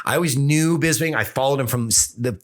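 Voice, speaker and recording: A man's voice: mid-range voice, brisk. A man, a filmmaker guest on a podcast, chatting casually and animatedly, swearing and imitating the people he quotes. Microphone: studio mic.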